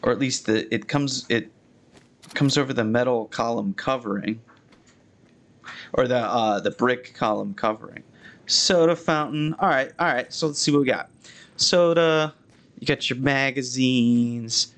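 A young man talks through a live gameplay session in an easy, conversational way, pointing out details of the buildings around him. His voice sits at an ordinary middle pitch, and he breaks into excited yelps when something surprises him. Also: measured pace. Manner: chatty and excitable, with frequent restarts and sudden high exclamations. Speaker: architecture critic playing a video game.

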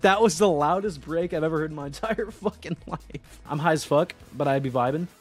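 A young man streaming a game, telling a long story in a rambling, excitable way with sudden shouts. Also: a little high, brisk, over music. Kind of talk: casual gaming stream chat.

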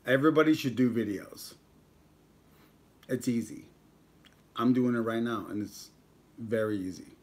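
A man's voice: medium pitch, a little slow, long pauses. Man, young adult, casual livestream chat, joking, banters with viewers. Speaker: mukbang vlogger on a livestream.

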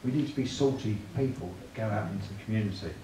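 A man gives a chatty church evangelism talk, speaking fast in a voice on the low side and often asking the room tag questions. The room is echoey, the mic is far off, and noise is clearly audible.

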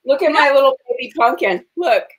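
A woman with a slightly high voice co-hosts a cooking show from a home kitchen. She chimes in with short, encouraging remarks and quick asides. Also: expressive, poor audio. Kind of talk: casual cooking chat.

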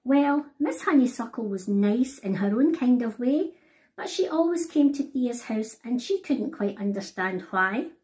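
A woman reads her children's picture book aloud, talking straight to the young listeners. Her voice is animated, swooping up and down with wide, lively pitch. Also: a little slow. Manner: animated, addresses children directly. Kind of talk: storybook read-aloud for children.

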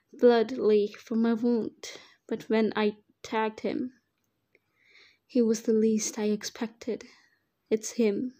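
A woman reading a first-person fan fiction story aloud as the narrator, in a slow, even storytelling manner. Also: fairly high pitch.

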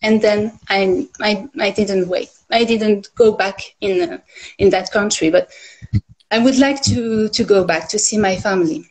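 A woman's voice: medium pitch, measured pace, a little mellow, low-quality recording. A woman with a French accent, a native French speaker, chatting as a livestream guest in hesitant English, often searching for words. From France. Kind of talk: casual livestream chat.

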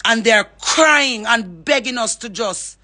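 A woman's voice: on the high side, expressive, takes it slowly, bright, forceful tone. A Jamaican woman giving an impassioned address, fervently calling on others by name to speak up. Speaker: reggae artist.

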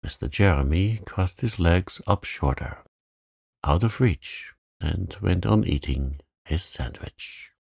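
A man gently reading a children's story aloud as a calm sleep story for adults. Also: deep voice, slow, gravelly, dry recording, clean studio sound.

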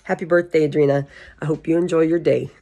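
A woman with a gravelly, husky, dark voice records a birthday message. She sounds exasperated by the retakes yet stays loving throughout. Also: low-pitched, steady tone, fast.

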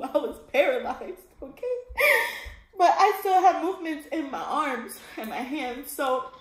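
Tearful high-voiced woman in an echoey room. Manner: tearful, breaks into crying laughs, swears casually. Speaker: vlogger. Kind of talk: emotional personal storytelling.

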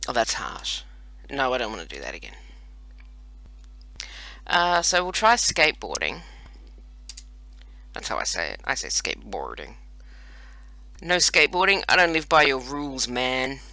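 Here a fortyish Australian man does casual gameplay commentary, his medium-pitched voice swinging hugely in pitch, a bit slow, with long pauses and a pushed, bright quality. It's chatty, self-mocking banter, recorded dry.

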